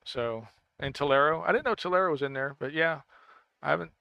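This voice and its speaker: A man talks casually to his livestream chat, circling back and restarting his sentences. His voice sits a little high and sounds bright and crisp. The recording is dry and close to the mic. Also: no echo, lo-fi sound. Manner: rambling, stammering, self-correcting, quick to laugh. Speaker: gaming streamer.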